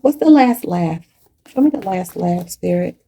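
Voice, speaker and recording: A woman's voice: lowish voice, animated, unhurried, warm tone, slight background noise. A woman giving a channeled tarot reading in a preachy, spiritual way, often calling her viewers "y'all". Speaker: tarot reader.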